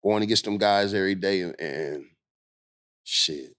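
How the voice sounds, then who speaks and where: A man's voice: low-pitched, a little slow, fairly bright tone. A man, co-hosting a podcast and backing up the story with short reactions. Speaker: podcast co-host. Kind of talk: casual chat.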